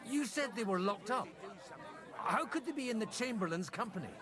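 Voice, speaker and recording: A man's voice: high-pitched, lively intonation, normal speed, crowd noise. A man playing a dry, wry middle-aged village priest in a game. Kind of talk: game dialogue.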